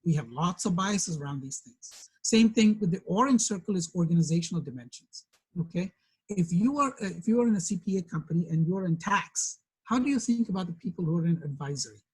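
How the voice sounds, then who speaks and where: Husky New York man leading a training. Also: sits high, lively intonation, a little fast, a little mellow, poor audio. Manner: conversational, checks in with "okay?" often. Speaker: diversity trainer. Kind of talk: corporate training talk.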